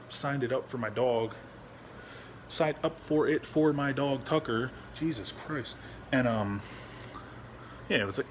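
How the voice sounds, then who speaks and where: Man, casual home vlog, profane, rambling, many restarts, middle pitch, faint background hiss. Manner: high baby-talk voice when speaking to his dog. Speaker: veteran vlogger. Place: at home with his dog.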